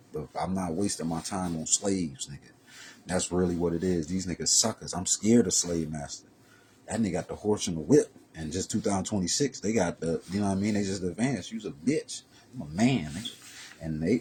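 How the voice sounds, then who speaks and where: A man vlogging a profane, heated street-talk rant that swings from low muttering to loud raised bursts. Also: slight background noise.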